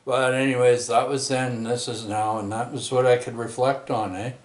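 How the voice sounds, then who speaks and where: A middle-aged man, rambling through a personal story with many halting restarts and tag questions. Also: mid-range voice, level tone, reverberant. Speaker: vlogger telling a personal story.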